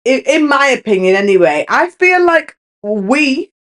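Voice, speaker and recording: A young woman rambles candidly on her own podcast in a casual solo chat, restarting often. Her voice is high-pitched, very animated and fairly bright, delivered at a measured pace.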